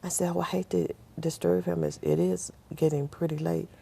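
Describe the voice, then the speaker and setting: A woman's voice: fairly low pitch, little pitch movement, moderate pace, vocal fry, mellow, breathy edge. An older woman, a guest on a talk show, telling a personal story and acting out the voices of the people in it.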